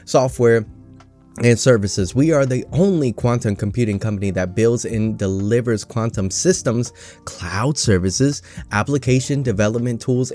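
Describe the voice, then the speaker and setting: A man's voice: lowish voice, mellow. A man hosting a casual, jokey stock market vlog, rambling with self-mocking asides.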